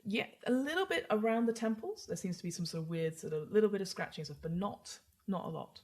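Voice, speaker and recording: A woman's voice: mid-range voice, expressive, fast talker, a little mellow. A woman narrating as game master, describing scenes in a chatty, loose way.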